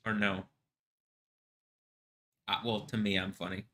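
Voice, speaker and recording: Male livestream host, rambling and self-amused, low voice with a piercing bright tone. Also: level tone, takes it slowly, slight background noise. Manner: rambling, self-amused, frequent giggling asides.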